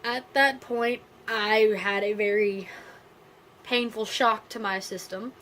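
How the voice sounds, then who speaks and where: Quiet, halting woman vlogger. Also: medium pitch, steady tone, a little hiss or hum, low-quality recording. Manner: subdued, halting and quiet, with frequent pauses; candid, casual with blunt swearing. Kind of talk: personal storytelling to camera.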